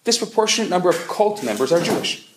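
A rabbi gives a lecture, telling jokes quickly and with lively energy. His voice sits a little higher than that of most men. The sound rings in a roomy, echoey space. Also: noisy background. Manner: animated storyteller, quick joke delivery. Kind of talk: humorous lecture. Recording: echoey room.

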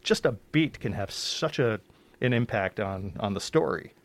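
A man chatting casually as a podcast guest about narrating an audiobook, blunt and quick to swear. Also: lowish voice, animated. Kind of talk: casual chat.

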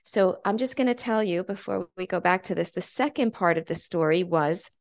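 A woman in her forties as a podcast guest, telling a personal story in an animated, chatty way, full of "like". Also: lowish voice, normal speed, dry recording. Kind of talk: conversational storytelling.

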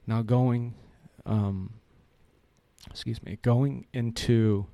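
A man's voice: mid-range voice, fairly even intonation, extremely slow, warm tone, no room sound. A man in his thirties telling a personal story in a casual, earnest way, rambling with many fillers and restarts.

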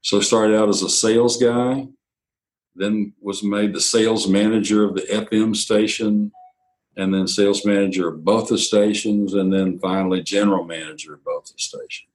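An older man, a radio executive telling anecdotes in an interview, quoting others in lively bursts. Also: lowish voice, normal speed, rough recording. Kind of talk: storytelling interview.

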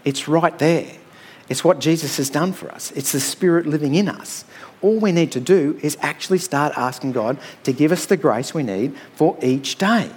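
A man's voice: on the high side, moderate pace, slightly rough. A middle-aged man preaching a sermon in a conversational, storytelling way, often checking in with "all right?".

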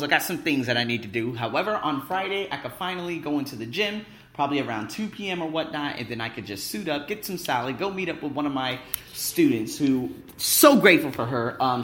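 A man talking in a casual vlog monologue, excitable, boastful and full of swearing, as an English teacher vlogger. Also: on the high side, reverberant.

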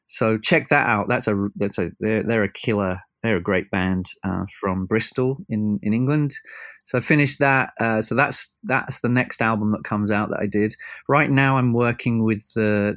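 A record producer, a man, telling animated anecdotes in an interview and acting out the voices of the people in them. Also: on the low side. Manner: animated anecdotes, acts out quoted voices, laughs. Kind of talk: storytelling interview chat. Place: abroad from the host, evening.

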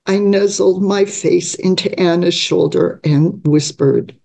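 A woman in her seventies reading her own personal essay aloud, slowly and with small stumbles and restarts. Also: lowish voice, creaky, dark tone. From United States. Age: 70s.

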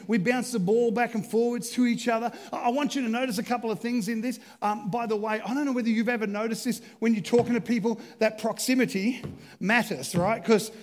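A man's voice: very high voice, in a large hall. A man preaching a humorous sermon as pastor, chatty and self-deprecating as he jokes with the congregation from a church stage.

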